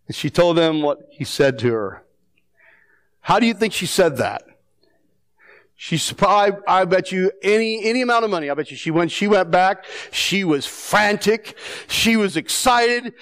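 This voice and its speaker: High-voiced pastor preaching with animated energy. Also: male voice, unhurried, clear, resonant tone. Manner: animated, acts out the quoted speakers; conversational, with restarts and rhetorical questions. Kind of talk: sermon.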